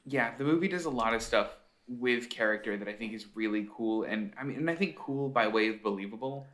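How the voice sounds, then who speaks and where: A man co-hosting a casual podcast chat, telling stories in a lively, animated way. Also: medium pitch, a little fast. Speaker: podcast co-host.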